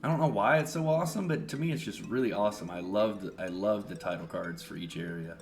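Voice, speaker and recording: A man giving relaxed, chatty let's-play commentary, thinking aloud as he plays. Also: lowish voice, fast talker, vocal fry, few pauses. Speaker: streamer. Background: faint game music.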